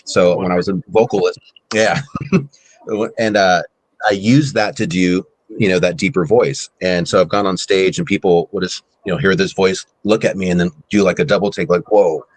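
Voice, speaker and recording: Male guest musician, very low voice, dry close sound, laid-back rambling chat with lots of fillers. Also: moderate pace, no room sound. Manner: relaxed, rambling, many "you know" fillers. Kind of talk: casual interview chat. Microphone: streamed video call.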